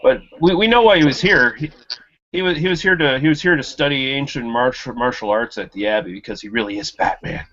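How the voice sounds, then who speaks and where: A man's voice: medium pitch, fairly quick, a bit bright. A man on a casual panel chat, joking in a wry, rambling way. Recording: dull lo-fi online call audio.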